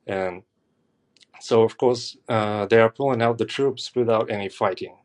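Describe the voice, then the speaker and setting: A man's voice: fairly low pitch, normal speed, darkish tone. A man calling in to a live show, talking at length in a rambling, emphatic way. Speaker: caller. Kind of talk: call-in commentary.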